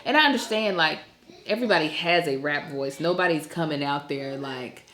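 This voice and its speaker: A woman with a notably low voice talks in a loose, opinionated podcast chat. She speaks her mind bluntly and breaks into laughter. The room around her is echoey. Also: moderate pace, a bit bright. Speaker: podcast co-host. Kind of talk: casual chat.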